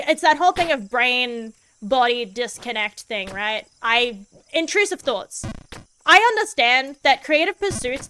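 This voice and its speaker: A woman's voice: sits high, pushed and bright, poor audio. A woman streaming a game as a VTuber, chatting casually in a goofy, laid-back way and swearing freely.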